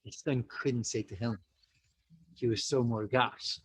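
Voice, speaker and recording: Animated American man telling a story. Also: mid-range voice, a little slow, a little hiss or hum, poor audio. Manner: animated storyteller who acts out quotes; peppers speech with "like" and "you know". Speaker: podcast guest. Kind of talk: casual storytelling.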